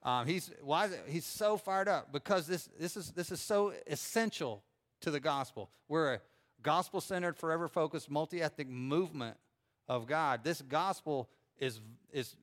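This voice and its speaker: A middle-aged pastor preaching a sermon in a conversational way, with frequent fillers and restarts. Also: male voice, on the high side.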